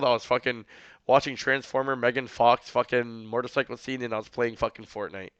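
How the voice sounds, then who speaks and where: A man's voice: mid-range voice, steady tone, a little fast, a bit bright, clear, resonant tone, no room sound, lo-fi sound. A man streaming casually, reacting to messages he reads aloud, rambling with lots of filler words and swearing.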